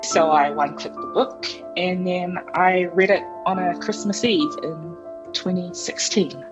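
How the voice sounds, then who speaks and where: A woman's voice: lowish voice, measured pace, music in the background, poor audio. A woman with a New Zealand accent speaking plainly about how she found a book. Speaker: fan group admin.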